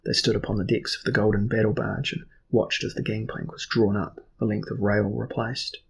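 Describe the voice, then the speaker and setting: A man narrating a fantasy audiobook in steady, measured storytelling. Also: fairly low pitch, creaky, slightly rough, rough recording.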